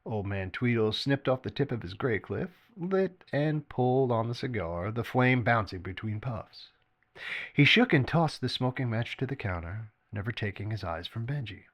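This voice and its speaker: Lively male story reader. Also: medium pitch, moderate pace. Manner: lively, expressive reading with occasional slips and restarts. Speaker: storyteller reading his own fiction. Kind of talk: story narration read aloud.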